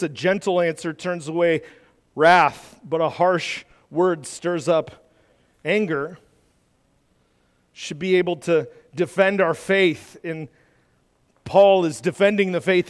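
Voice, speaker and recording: High-voiced animated preacher in a hall. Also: male voice. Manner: animated, acts out quoted voices. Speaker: pastor. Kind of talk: sermon.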